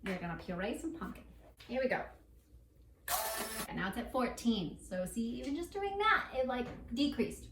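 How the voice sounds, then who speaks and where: A woman's voice: a little high, expressive, moderate pace, long pauses, background noise. A woman hosting a home baking show, walking through a recipe in a playful, chatty way and talking to her dough as she works in a kitchen. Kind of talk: casual cooking tutorial. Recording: echoey room, mic at a distance.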